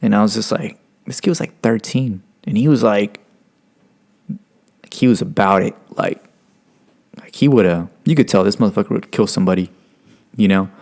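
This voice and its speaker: Man, low gravelly voice, from stockton, casual profane storytelling, rambling with fillers. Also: normal speed, pauses often, darkish tone. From Stockton, California, United States. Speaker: podcast guest.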